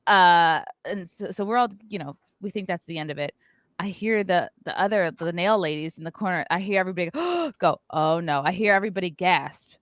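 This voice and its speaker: Woman podcast host, animated storyteller, acts out quotes, dry mic. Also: fairly low pitch, fairly quick, dry recording. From New York area. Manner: acts out quotes, frequent "like" fillers.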